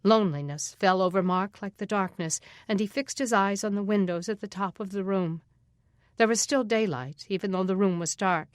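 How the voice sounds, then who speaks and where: A woman's voice: fairly even intonation, a little fast, hardly any pauses, smooth, dry recording, clean studio sound. A woman reading a suspense novel aloud as audiobook narrator, lifting her voice for the characters' lines. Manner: voices the characters with raised pitch in dialogue.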